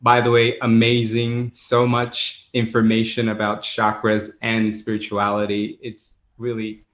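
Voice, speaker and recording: A man's voice: on the low side, monotone, unhurried, fairly bright tone. Male podcast host in an echoey room. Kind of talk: podcast intro and casual interview.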